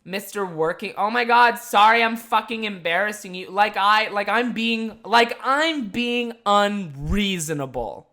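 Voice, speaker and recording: A man's voice: high-pitched, measured pace, few pauses, bright, forceful tone, full character voice. A man mimicking a belligerent drunk young woman who swears and gets defensive.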